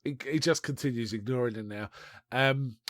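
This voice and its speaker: A man on a podcast, casually retelling a film in a rambling, animated way with restarts. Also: medium pitch, normal speed, no echo, studio quality. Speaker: podcast co-host. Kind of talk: casual chat reviewing a film.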